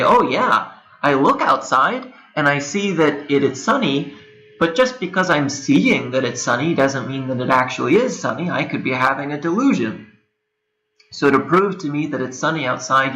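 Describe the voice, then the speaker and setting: A young man gives a recorded lecture in a bright, slightly high voice, explaining ideas in a loose, conversational way with playful asides. The room is echoey, and a machine whirrs in the background. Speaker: instructor.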